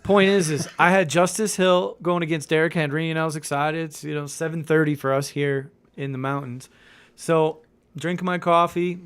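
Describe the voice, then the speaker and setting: A man hosting a casual podcast, ranting in an animated way with swearing and laughter. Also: a little high, clear, resonant tone. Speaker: podcast host. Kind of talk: casual fantasy football podcast chat. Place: home in the mountains.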